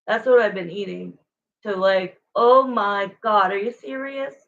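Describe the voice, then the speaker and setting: A woman's voice: mid-range voice, a little slow, creaky, fairly bright tone, muffled recording, a little hiss or hum. A woman tarot reader chatting casually and frankly with viewers on a livestream.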